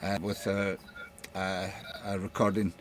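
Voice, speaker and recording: A man's voice: sits low, completely flat delivery, unhurried, a little hiss or hum. A man hosting a live online show, talking with frequent hesitations and fillers. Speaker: host.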